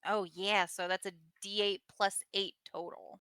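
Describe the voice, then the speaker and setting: A woman playing a tabletop game, excitably talking through rules and dice rolls. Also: mid-range voice, unhurried, clean tone, dry recording. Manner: excitable, explains rules aloud. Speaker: player.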